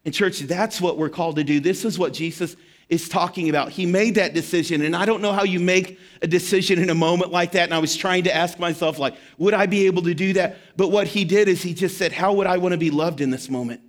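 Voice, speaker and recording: A man pastor telling a story in a sermon, dropping to a hushed tone for emphasis. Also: high voice, quick pace.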